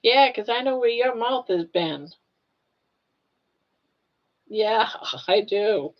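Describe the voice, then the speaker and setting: A woman's voice: a little high, animated, slow, highs cut off. An older woman hosting a casual live stream, chatting with viewers and cooing at her pet in baby talk with lots of giggles.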